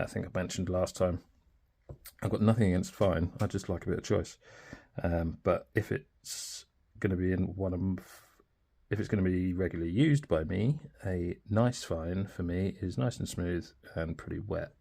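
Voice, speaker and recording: A man's voice: deep voice, creaky, a little mellow. A man chatting informally and thinking aloud in a casual pen review.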